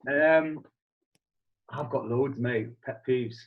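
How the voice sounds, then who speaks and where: A young man with a British accent chats casually as a guest, loose and talkative with the odd swear word. His voice is husky and of middling pitch. The recording sounds dull and lo-fi. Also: slow pace. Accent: British English. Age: young adult. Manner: chatty, swears casually, animated storytelling. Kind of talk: casual chat.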